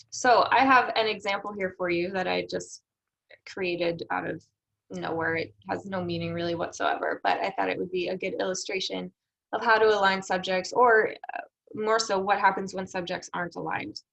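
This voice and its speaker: A woman's voice: mid-range voice, steady tone, normal speed, vocal fry, fairly bright tone, rough recording. A woman giving a recorded lecture on editing proposals, explaining step by step with rhetorical questions and frequent fillers. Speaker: research development instructor.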